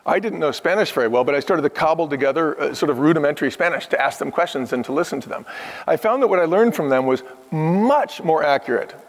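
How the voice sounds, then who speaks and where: Talking fast in a slightly high, animated voice, a man in his fifties recounts stories as a podcast guest. He was once a restaurant chief executive, and he tells them earnestly and with emphasis, voicing the people he quotes. Long hall reverb fills the recording.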